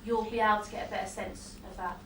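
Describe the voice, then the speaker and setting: A fast-talking woman gives a psychic reading to a live audience, her mid-range voice keeping a fairly even intonation. She's chatty, laughs a lot and keeps breaking off with apologetic asides. A faintly noisy, roomy hall recording from a distant mic.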